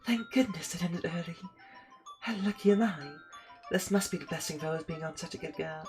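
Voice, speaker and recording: A man's voice: on the high side, fairly quick, faint music behind, natural voice. A man voicing a haughty, spoiled young noble girl, petulant and bossy.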